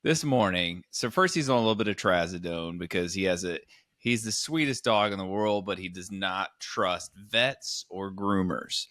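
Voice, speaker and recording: A man with a low but bright, forceful voice, co-hosting a comedy podcast. He rambles through an animated story in casual chat. The sound is dry and close. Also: moderate pace, dry recording. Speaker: podcast co-host.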